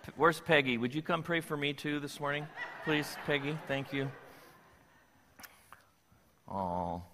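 A man's voice: on the high side, a little slow, a bit bright. An older man preaching a sermon as pastor, playful and joking with his congregation. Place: church sanctuary. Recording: long reverb of a church hall.

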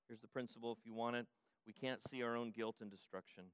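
An older man preaching a sermon as pastor, emphatic and repetitive, often restarting and rising to loud peaks. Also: medium pitch, steady tone, fast talker, clear, resonant tone, dry recording.

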